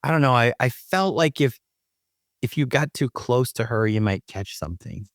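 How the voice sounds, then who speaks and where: A man's voice: mid-range voice, expressive, no room sound, clean studio sound. Playful laughing man on a podcast. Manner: playful, quick to laugh, self-deprecating. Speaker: podcast co-host. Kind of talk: casual chat.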